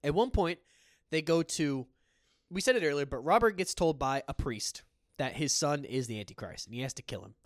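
A man's voice: a little high, lively intonation, fairly quick, dry recording, clean studio sound. A man co-hosting a horror film podcast, chatting casually and enthusiastically, swearing freely. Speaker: podcast co-host. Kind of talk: casual chat.

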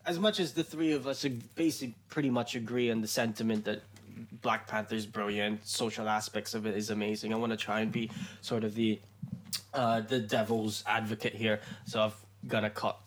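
A man hosting a casual podcast discussion, asking questions in a halting way with lots of fillers and restarts. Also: on the low side, steady tone. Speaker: podcast host.

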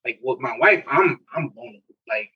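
A man from Newark, telling animated stories in slangy casual chat and laughing often. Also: mid-range voice, fairly quick, slightly rough. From Newark, New Jersey. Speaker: podcast co-host. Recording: distant, dull lo-fi mic.

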